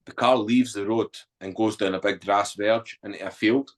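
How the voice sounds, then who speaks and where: A man's voice: fairly low pitch, steady tone, moderate pace. A man, a podcast guest telling his story candidly and bluntly, swearing freely.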